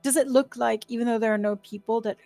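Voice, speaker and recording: A woman playing her character in a tabletop game, speaking animatedly and exclaiming. Her voice is somewhat high and recorded dry and close, with faint music behind. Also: steady tone, fast talker, vocal fry, dark tone, no echo. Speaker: player. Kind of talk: casual in-character play.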